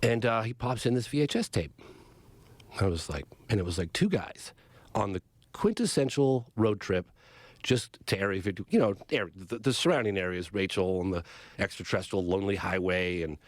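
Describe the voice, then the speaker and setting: A middle-aged man from Northern California, a documentary filmmaker who is a podcast guest, excitedly retelling a story and acting out the quotes. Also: sits low, normal speed, no room sound. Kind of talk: animated storytelling in conversation. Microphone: studio podcast mic.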